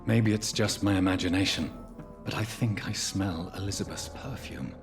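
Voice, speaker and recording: Brief: a brooding doctor in a game, very low voice, grave and measured, with music under it. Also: male voice. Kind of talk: video game voice acting.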